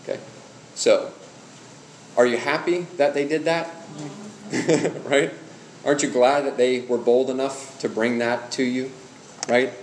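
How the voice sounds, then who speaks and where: A middle-aged male pastor teaches a church class in an easy, conversational way, asking the group questions and telling personal stories. His voice sits at an ordinary middle pitch for a man. It echoes through a roomy hall, with a faint hum behind it. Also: fairly even intonation, unhurried, long pauses.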